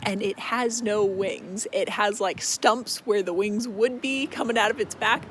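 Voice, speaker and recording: A man's voice: sits high, fairly even intonation, measured pace, a bit bright, slight background noise, rough recording. Young guy rambling through a recap. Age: young adult. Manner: rambling, profane, filler-heavy. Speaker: vlogger. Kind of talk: casual book recap.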